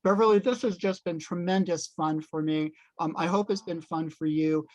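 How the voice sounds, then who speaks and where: A woman's voice: lowish voice, normal speed, a little mellow, no echo, rough recording. A woman hosting an interview, asking friendly, appreciative questions and moderating audience questions. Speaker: interviewer host.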